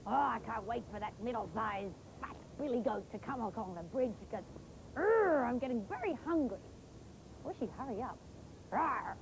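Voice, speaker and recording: A woman's voice: on the high side, animated, normal speed, creaky, noisy background. A woman voicing a scary, ugly, hungry troll for children's TV storytelling, with growls and roars between lines. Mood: growling, hungry.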